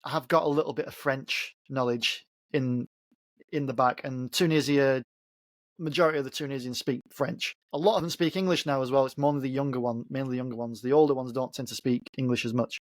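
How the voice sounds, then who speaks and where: A man co-hosts a podcast in casual chat, reflecting on travel and asking his partner follow-up questions. His voice is mid-range and a little fast, captured in a dry recording with clean studio sound.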